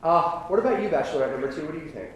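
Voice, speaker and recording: A man's voice: fairly high pitch, lively intonation, rapid-fire. A young man playing the bachelor on a comedic dating game show, rambling and stammering as he asks questions. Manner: rambling, flustered, stammering restarts. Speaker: bachelor contestant.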